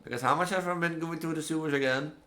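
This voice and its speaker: A man's voice: a little high, quick pace, sharp tone. A man casually commenting on a horror game he plays, rambling and musing aloud with many "like"s. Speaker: gameplay streamer. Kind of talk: casual let's-play commentary.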